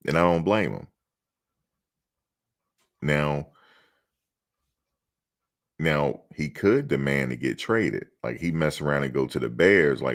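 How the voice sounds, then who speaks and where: A man hosting a casual sports talk show, joking and acting out mock quotes in an animated, laid-back way. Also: a bass voice, takes it slowly, long pauses.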